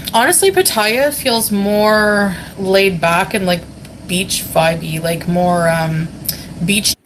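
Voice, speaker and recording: A woman's voice: mid-range voice, slow pace, a little hiss or hum, rough recording. A woman casually chatting on a livestream from a hotel room, reading viewer comments, giggling often and filling her talk with fillers. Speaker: vlogger reading chat.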